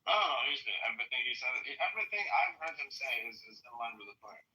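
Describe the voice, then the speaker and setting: A man's voice: medium pitch, big pitch swings, racing, pushed and bright, low-quality recording. A man hosting a casual live stream, talking bluntly and crudely and laughing off the jabs thrown at him.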